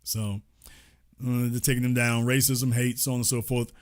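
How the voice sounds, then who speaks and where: A man's voice: medium pitch, level tone, normal speed. A man hosting online political commentary, reading news quotes aloud and adding incredulous, sarcastic asides.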